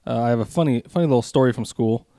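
A man's voice: mid-range voice, racing, warm tone, no room sound, clean studio sound. A man co-hosting a podcast, telling rambling, swear-laden stories and laughing as he goes. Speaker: podcast co-host. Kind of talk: casual storytelling chat.

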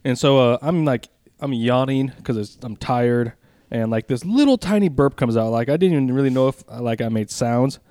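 A man's voice: mid-range voice, animated, normal speed, mellow, dry recording, clean studio sound. A man co-hosting a podcast, telling rambling, swear-laden stories and laughing as he goes. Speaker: podcast co-host. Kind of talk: casual storytelling chat.

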